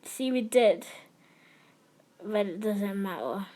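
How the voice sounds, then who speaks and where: Young woman, gamer, slow unhurried talk, a bit high, chatty and giggly. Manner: chatty, giggly, easily excited. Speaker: gamer streamer. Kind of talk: casual game commentary.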